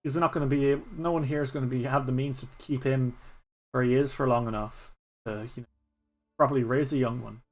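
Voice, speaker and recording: A man voicing a very old male postman who talks in a quick, chatty, folksy way. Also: medium pitch, fairly even intonation, darkish tone, soft background music, close to an everyday voice. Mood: coaxing. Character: very old male postman, thick glasses, fussy.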